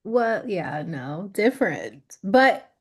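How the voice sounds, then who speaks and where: A woman's voice: mid-range voice, very animated, takes it slowly, breathy edge. A woman co-hosting a podcast in a casual chat, rambling with lots of fillers and frequent laughter. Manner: giggly, rambling with many fillers. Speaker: podcast co-host.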